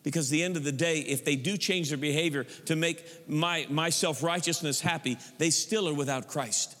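A high-pitched male pastor delivering a lively sermon. He teases old-fashioned prayer talk as he preaches. His voice rings with the long reverb of a church hall. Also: moderate pace.

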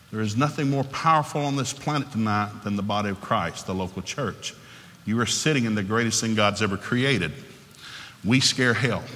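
A Southern US man in his sixties delivers a fast, joking sermon with folksy turns of phrase. His tone is very bright and cutting. The big church hall behind him adds a long reverb tail. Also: on the low side, slight background noise. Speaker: pastor. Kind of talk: humorous sermon. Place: large church hall with live audience.

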